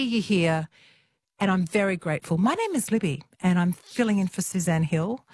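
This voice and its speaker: A woman's voice: lowish voice, no room sound. Woman hosting late-night talkback radio. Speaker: radio host.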